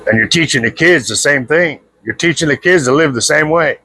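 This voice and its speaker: A man's voice: a little high, fairly quick, vocal fry, bright, forceful tone, no room sound. A man giving a blunt, confrontational spiritual monologue to his viewers, repeating himself and leaning on "you know". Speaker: spiritual video speaker. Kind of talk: preachy spiritual monologue to camera.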